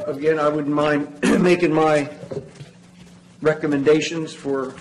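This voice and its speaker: A man's voice: on the high side, fairly even intonation, measured pace, a little hiss or hum, low-quality recording. A man on a county council, asking questions at a public meeting in a hesitant way, repeating words.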